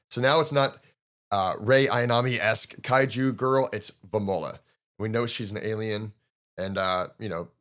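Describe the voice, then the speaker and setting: A man hosting a podcast, casually recapping a manga chapter, excitable and quick to laugh, acting out the characters' lines in playful voices. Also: on the low side. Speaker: podcast host.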